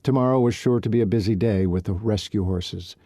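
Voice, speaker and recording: A man narrating a romance novel as an audiobook, in calm, even storytelling. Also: lowish voice, a little fast, dry recording, studio quality.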